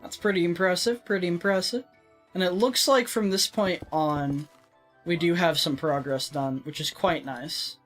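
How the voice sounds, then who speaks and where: A woman from Texas talks her way through a building session in casual gaming commentary. Her voice sits fairly low, and she rambles and jokes at herself, with the odd swear. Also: moderate pace, faint music behind. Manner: rambling, self-mocking and jokey, with some swearing. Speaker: let's play host.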